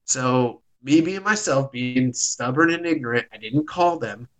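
A man's voice: mid-range voice, a little slow, poor audio. Rambling man telling stories. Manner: rambling storyteller, swears freely. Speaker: podcast host. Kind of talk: casual podcast chat.

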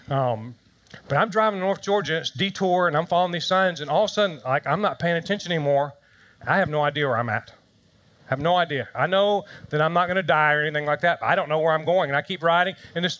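A man's voice: on the high side, a bit bright. A man preaching a conversational sermon, telling stories with self-deprecating humor. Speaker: pastor.

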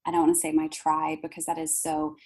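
A woman, a podcast guest telling stories in animated chat and acting out other people's lines. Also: deep voice, a little fast, slightly rough, poor audio. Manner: animated, acts out others' voices, fillers and restarts. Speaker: podcast guest, manifesting coach. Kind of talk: casual storytelling chat.

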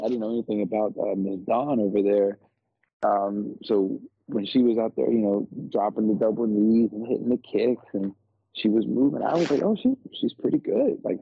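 A man co-hosting a wrestling podcast, telling the story with lively disbelief in casual chat. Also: fairly low pitch, slight background noise. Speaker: podcast co-host. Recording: dull lo-fi sound.

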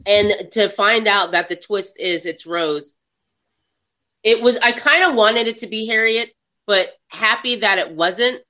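A woman with a bright, sharp, medium-pitched voice chats casually about a film she just watched, speaking at a measured pace. She retells scenes with animation and slips into quoting the characters, like a casual movie review.

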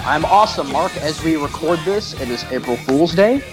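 A man's voice: on the high side, animated, moderate pace, over music. A man in his thirties, a podcast co-host telling a funny story in casual chat, teasing his co-host.

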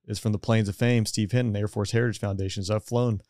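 A man's voice: fairly low pitch, steady tone, fast talker, a little mellow, dry recording, studio quality. A man hosting a podcast in a chatty, easygoing way, often laughing along. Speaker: podcast host. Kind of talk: casual podcast conversation.

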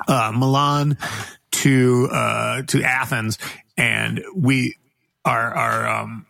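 A man joins as a guest over a video call. He has a gravelly voice at a middle pitch, with a dry sound. He talks in a laid-back, halting way with plenty of fillers. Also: fairly even intonation, sharp tone, no room sound. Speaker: guest musician. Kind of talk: casual interview.

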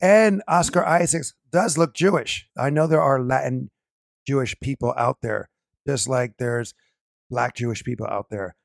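Gravelly-voiced man explaining firmly. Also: mid-range voice, measured pace, dry recording, clean studio sound. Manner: explanatory, corrects others firmly. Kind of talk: casual show review chat.

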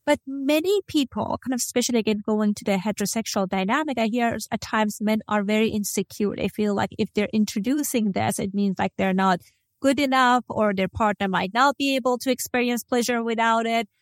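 A woman's voice: fairly high pitch, a little fast, no room sound, studio quality. A woman podcast host who asks her questions conversationally, searching for words with small restarts.

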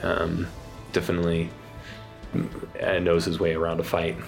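A man narrating a tabletop game as game master in a relaxed, rambling way. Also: sits low, normal speed, creaky, over music.

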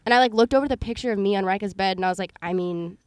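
A young woman shares stories as a podcast guest, talking quickly and leaning on "like" constantly. Her pitch sits in the middle range. The recording is dry and close. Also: no room sound. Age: young adult. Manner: quick, filler-heavy, lots of "like". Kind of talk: casual storytelling.

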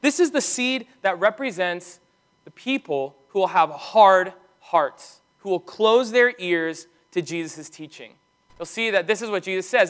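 High-voiced man preaching earnestly. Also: animated, a bit bright. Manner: earnest, emphatic preaching with slowed, stressed commands. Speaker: pastor. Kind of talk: sermon.

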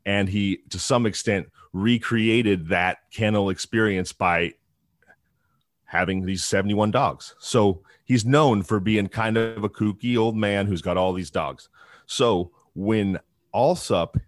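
A man with a deep, low-pitched voice tells a true-crime story in a loose, conversational way. He often restarts his sentences and slips in asides. The sound is dry and close, with little room echo. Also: takes it slowly.

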